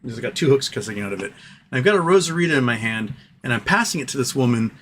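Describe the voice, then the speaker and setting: A man's voice: medium pitch, quick pace, slight background noise. A man hosting a live stream, telling stories casually and rambling, with lots of fillers and asides. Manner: rambling, animated storyteller with frequent fillers and asides.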